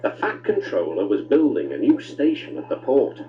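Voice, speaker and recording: A man narrating a children's story with expressive, swooping delivery. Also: moderate pace, lo-fi sound. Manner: warm, expressive storytelling with big pitch swings.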